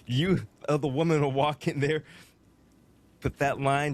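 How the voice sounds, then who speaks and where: A man's voice: fairly high pitch, steady tone, slow pace, pauses often. Joking male podcast host, faint hiss. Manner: joking, thoughtful questions. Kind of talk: conversational podcast talk.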